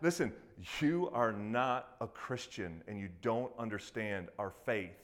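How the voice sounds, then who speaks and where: Guy preaching a sermon, super casual and animated, acts out little quotes. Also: on the low side, unhurried. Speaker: pastor.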